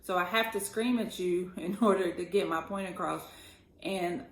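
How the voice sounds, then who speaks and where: Low-voiced woman co-hosting a podcast. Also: normal speed. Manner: earnest, laughs easily, talks straight to listeners. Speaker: podcast co-host. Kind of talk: casual chat about relationships. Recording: echoey room.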